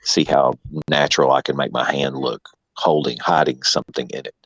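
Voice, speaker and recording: A man with an extremely low, deep voice, recorded close and dry. He is from the American South and co-hosts a casual podcast, telling stories with animated energy and plenty of swearing. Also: normal speed, slightly rough, dry recording, lo-fi sound. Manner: animated storyteller, swears freely, laughs often. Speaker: podcast co-host. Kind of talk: casual chat.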